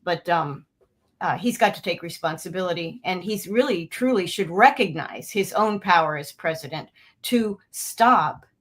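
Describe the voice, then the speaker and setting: A woman's voice: lowish voice, animated, moderate pace, fairly bright tone, husky. A woman who is a retired military officer, answering interview questions earnestly and with many hesitations.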